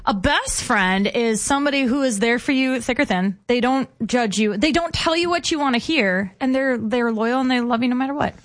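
A woman's voice: fairly high pitch, normal speed, hardly any pauses, no echo. A woman co-hosting a radio show in casual, sentimental chat. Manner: warm, sentimental, chatty. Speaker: radio co-host.

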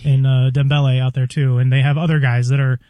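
A man's voice: mid-range voice, flat delivery, fast talker, dark tone, no echo. A man working as a radio show producer, giving a blunt, confident sports opinion. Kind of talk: sports debate talk.

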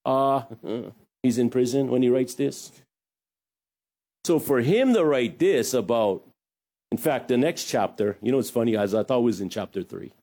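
A man preaching a sermon as pastor, lively, with joking asides. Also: medium pitch, normal speed.

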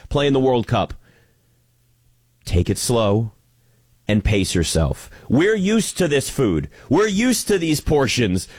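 An American man hosting a sports talk show, ranting in an animated, sarcastic monologue. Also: fairly high pitch, no echo. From United States.

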